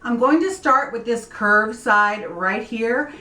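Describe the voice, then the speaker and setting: A woman in her forties hosting a skincare tutorial vlog, explaining in an upbeat, clear way. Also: on the high side, slow pace, sharp tone, roomy sound. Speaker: beauty vlog host.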